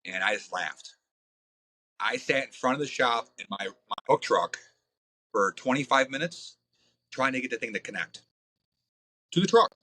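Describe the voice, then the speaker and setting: A man, a podcast guest, telling crude, blunt stories in a casual, animated way. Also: mid-range voice, moderate pace, long pauses, slight background noise, rough recording. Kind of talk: profane casual storytelling.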